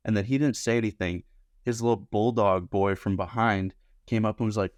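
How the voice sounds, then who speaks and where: Low-voiced young man telling bar stories. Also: a little fast, no room sound, studio quality. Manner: animated, acts out quotes in higher voices. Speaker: podcast guest, bartender. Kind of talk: casual storytelling.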